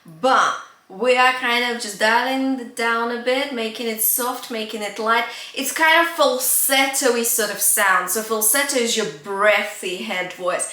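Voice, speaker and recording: High, bright-voiced woman vocal coach. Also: a little slow, roomy sound. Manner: encouraging, checks in often with "yeah?" and "okay?"; breaks into sung demonstrations. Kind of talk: singing lesson.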